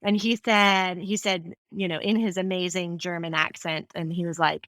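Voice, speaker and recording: A woman's voice: fairly low pitch, normal speed, hardly any pauses, dry recording. A woman guest on a podcast interview, telling stories animatedly and acting out the people she quotes. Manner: animated storyteller, acts out quoted voices. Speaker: guest speaker.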